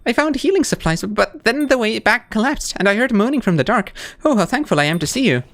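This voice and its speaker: A man's voice: high voice, lively intonation, brisk, fairly bright tone, pitched above the performer's own voice. A man voicing a small, kindly, devout bug pilgrim with polite, old-fashioned speech while reading game dialogue aloud. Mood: relieved.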